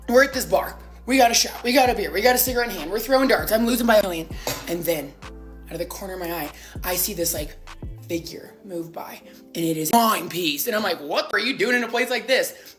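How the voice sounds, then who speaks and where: Animated woman telling a party story. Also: mid-range voice. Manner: animated, acts out quotes in exaggerated voices. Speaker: social media storyteller. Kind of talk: casual storytime to camera. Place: home in Denver.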